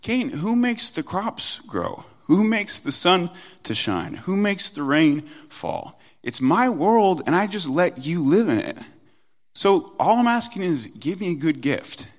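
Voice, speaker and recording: A man voicing God as a stern, commanding creator who asks slow, emphatic questions. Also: high voice, very animated, long reverb tail, pitched above the performer's own voice, heavily acted.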